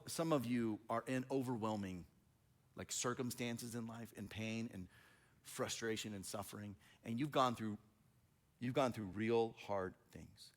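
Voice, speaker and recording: A male pastor preaching in a loose, conversational way, full of restarts, asides and fillers. His voice sits at an ordinary middle pitch. He tells stories from his own life and rises into loud, animated outbursts when a story turns emotional. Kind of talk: sermon.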